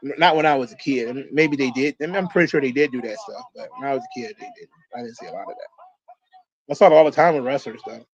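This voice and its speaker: A man's voice: mid-range voice, quick pace, highs cut off. A man hosting a wrestling watch-along, talking in a loose, rambling way with frequent swearing. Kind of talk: casual commentary.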